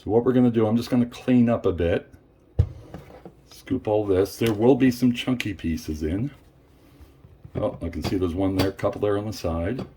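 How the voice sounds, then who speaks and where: A man's voice: fairly low pitch, normal speed, pauses often, mellow, slight background noise. A man from Puerto Rico hosting a home cooking video, chatting casually to viewers as he works in a kitchen. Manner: chatty, talks straight to viewers as "folks". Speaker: cooking show host. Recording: clear clatter of dishes and utensils.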